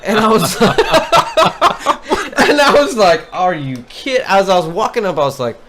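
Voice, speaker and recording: A man's voice: high voice, sing-song, slow, heavy background noise. Profane, fired-up man venting about work. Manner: profane, exasperated storytelling. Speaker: podcast co-host. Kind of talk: casual chat.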